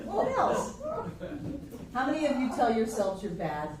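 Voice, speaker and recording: A woman's voice: a little high, huge pitch swings, measured pace. Playful woman teacher in echoey room. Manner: playful, acts out quoted inner voices, laughs often. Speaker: spiritual teacher. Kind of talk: class lecture. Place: classroom with a live group. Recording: echoey room from far off, faint noise.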